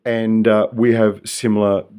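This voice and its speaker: A man's voice: lowish voice, flat delivery, unhurried, mellow, smooth. Older Australian man rambling to camera. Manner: rambling, tangential, profane. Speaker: vlogger. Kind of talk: rambling solo monologue.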